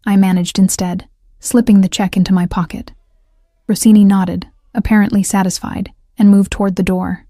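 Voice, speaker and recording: A woman reads a first-person romance audiobook in a measured, steady voice. Her tone is warm and mellow, with dry, close sound. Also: mid-range voice, dry recording. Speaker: audiobook narrator.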